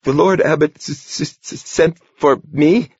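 Male reader as a frightened young novice who stammers, gravelly husky tone. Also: medium pitch, big pitch swings, moderate pace, no echo, lo-fi sound, voice pushed up. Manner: stammering, timid. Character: terrified stammering teenage boy novice.

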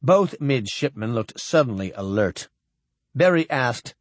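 A man narrating an audiobook in an expressive, steady storytelling manner. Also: medium pitch, a little slow, dry recording. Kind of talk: scripted narration.

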